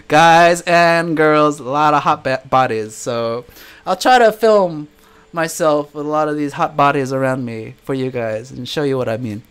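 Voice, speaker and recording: A man's voice: fairly high pitch, a bit bright, clear, resonant tone. A man answering viewer questions in a casual live chat, telling stories and laughing often. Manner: chatty storytelling, laughs often.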